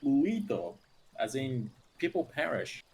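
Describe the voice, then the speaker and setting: A man's voice: medium pitch, sing-song, slow, gravelly, a little mellow, slightly rough. A man on a voice call with a friend, laid-back and teasing, swearing casually. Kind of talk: casual banter.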